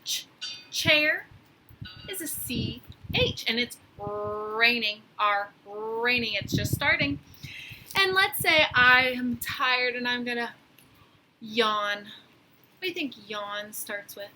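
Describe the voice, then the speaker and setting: A woman teacher giving a phonics lesson to young children, slowly sounding out letters with encouragement, outdoors on a deck. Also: a little high, expressive. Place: outdoors on a deck by a lake, rain starting. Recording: loud outdoor noise.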